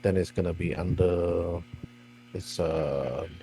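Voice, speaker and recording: A man's voice: low-pitched, steady tone, takes it slowly, warm tone, slight background noise. A man narrating a tabletop role-playing game as game master, with meandering, restart-filled phrasing.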